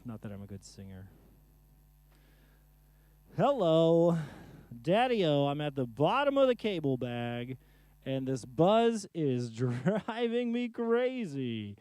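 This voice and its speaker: A man's voice: mid-range voice, very animated, a little slow, a little mellow, no echo. A man casually chatting to himself during a live music stream, rambling and joking while he troubleshoots his gear in a home studio.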